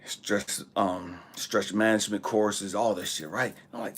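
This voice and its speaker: A man hosting a spiritual channel, telling a personal story in an animated, emphatic way, swearing freely and sometimes dropping to a whisper. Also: on the low side, normal speed, few pauses. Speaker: spiritual channel host and intuitive reader. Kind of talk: casual storytelling monologue.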